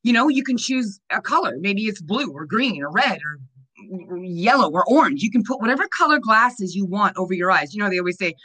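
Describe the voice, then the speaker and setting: A woman's voice: mid-range voice, expressive, fairly quick, bright, forceful tone, rough recording. A woman in casual chat on a video call, upbeat and emphatic, laughing often.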